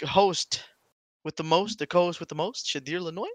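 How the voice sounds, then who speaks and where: A man's voice: on the high side, normal speed, dry recording. A man hosting a casual podcast with a Floridian accent, chatty and joking, swearing freely. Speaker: podcast host.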